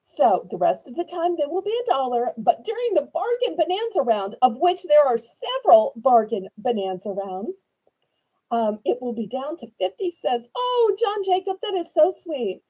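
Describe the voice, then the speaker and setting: A woman's voice: high voice, sing-song, normal speed, mellow, poor audio. A woman, chatting sweetly and eagerly as she hosts a live online auction. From New Orleans, Louisiana. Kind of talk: live-stream sales chat.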